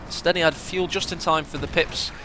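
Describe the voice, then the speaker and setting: A man casting a strategy game match, chatty play-by-play that bursts into excitement at big moments. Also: fairly high pitch, brisk, slight background noise. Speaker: game caster.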